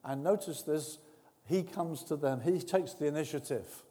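A man preaching a sermon with earnest warmth, dropping to soft, intimate tones and rising to loud, emphatic bursts. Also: on the high side, moderate pace. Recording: long reverb of a large hall.

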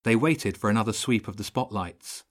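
A man reading a children's audiobook in steady, measured narration. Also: lowish voice.

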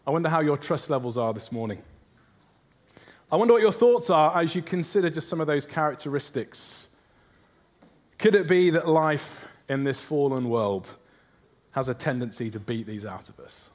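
A man's voice: a little high, normal speed, a little mellow. A man preaching a sermon, earnest, often asking his listeners questions. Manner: earnest, asks the congregation rhetorical questions.

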